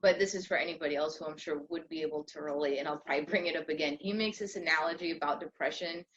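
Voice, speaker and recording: A woman's voice: low voice, fast, fairly bright tone. A young adult woman co-hosting a podcast in casual chat, rambling with lots of fillers and restarts. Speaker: podcast co-host. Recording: slightly dull lo-fi audio with faint noise.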